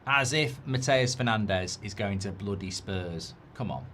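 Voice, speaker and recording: A man's voice: lowish voice, a little slow, hardly any pauses, fairly bright tone, a little hiss or hum. A man hosting a football watchalong, talking in a sarcastic, blunt, rambling way. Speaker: host.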